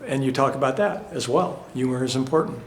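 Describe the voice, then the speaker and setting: A soft-spoken man interviewing a guest onstage, measured and appreciative. He sits a little off the microphone, so his mid-pitched voice carries the roomy sound of a hall over faint noise. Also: expressive. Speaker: interviewer, host.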